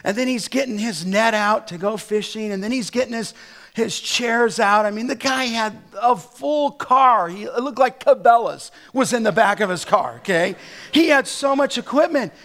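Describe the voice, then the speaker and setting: A middle-aged man with a notably high voice delivers a sermon as a pastor. He preaches emphatically, drawing out verses slowly and building to forceful, near-shouted declarations.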